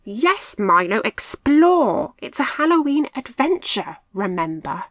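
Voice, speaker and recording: A woman's voice: on the high side, very animated, slow pace, no echo, voice pushed up, full character voice, low-quality recording. A woman voicing a bossy young boy mouse who leads his friends with firm commands in a storybook. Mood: commanding.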